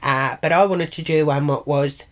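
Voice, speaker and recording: Middle-aged Australian woman with a low voice, chatty and blunt, telling stories to camera. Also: fairly even intonation, moderate pace. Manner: chatty, blunt and sweary, acts out quoted arguments. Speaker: vlogger. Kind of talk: casual monologue vlog.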